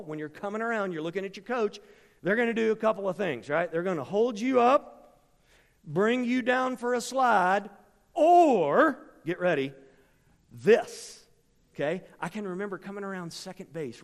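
A middle-aged man preaching a storytelling sermon, with a dramatic delivery that swings from hushed asides to sudden shouts. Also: high-pitched. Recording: long reverb from a large hall.

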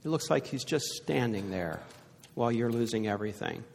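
Earnest older pastor in an echoing hall. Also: male voice, fairly low pitch, big pitch swings, moderate pace, vocal fry. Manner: earnest storytelling, dropping to a hushed voice for sad points. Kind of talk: sermon. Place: church sanctuary before a congregation. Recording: echoey hall reverb.

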